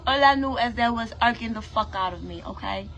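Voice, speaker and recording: A vlogger from Brooklyn, New York, with a Trinidadian-influenced accent rants bluntly and profanely to camera. Her fairly high, bright voice moves a little fast, packed with emphatic rhetorical questions in an impassioned delivery.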